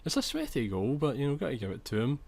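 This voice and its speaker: A man's voice: mid-range voice, wildly swooping pitch, fast talker, gravelly, darkish tone. A young man commentating over his own football video game footage, chatty, restarting sentences and swearing when annoyed. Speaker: gaming commentator.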